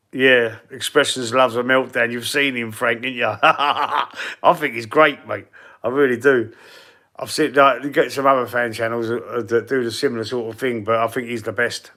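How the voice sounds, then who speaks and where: A man's voice: mid-range voice, fairly bright tone. A man from London with a London accent, chatting casually on a live stream as a football fan, rambling, laughing often and swearing now and then. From London, England. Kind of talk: casual live-stream chat reading comments.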